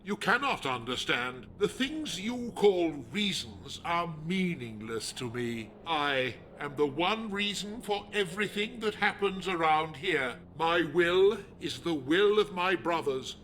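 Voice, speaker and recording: A man voicing a megalomaniac male leader of a druid order in a video game, talking in a slow, menacing, pompous way. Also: on the high side, expressive, fairly bright tone, a little hiss or hum. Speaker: game villain.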